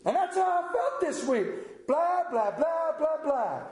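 A pastor giving a sermon, talking candidly in a folksy storytelling way, recorded in a church. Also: male voice, very high voice, very animated, slow, darkish tone, reverberant.

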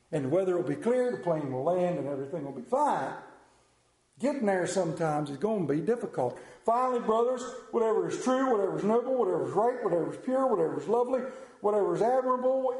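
A man preaching a sermon as pastor, conversational and joking, often dropping to a hushed voice. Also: high voice. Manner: humorous, conversational preaching with sudden hushed drops. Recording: roomy church echo.

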